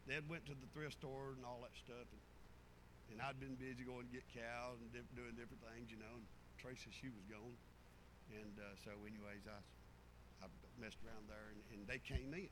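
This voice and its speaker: A man's voice: medium pitch, fairly even intonation, brisk, noisy background. An older man, preaching a sermon through a rambling, down-home family story full of restarts.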